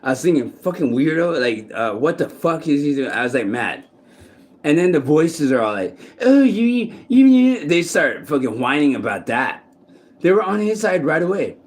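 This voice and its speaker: A man's voice: medium pitch, animated, normal speed. A man talking casually to the camera in a rambling, profane monologue full of restarts, recorded outdoors in a city park. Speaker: vlogger.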